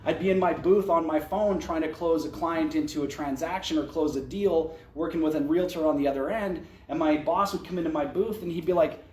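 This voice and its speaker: A man's voice: fairly high pitch, fairly quick, few pauses, darkish tone. Man telling his story in an echoey room. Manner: candid, conversational, with slips and restarts. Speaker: event speaker. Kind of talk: storytelling talk to an audience. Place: event venue, indoors.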